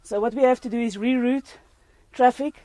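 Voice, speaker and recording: A woman's voice: on the high side, fairly even intonation, moderate pace, dark tone, dry recording. A woman teaching a first-aid class, quizzing her student and joking with frequent laughter. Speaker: CPR instructor.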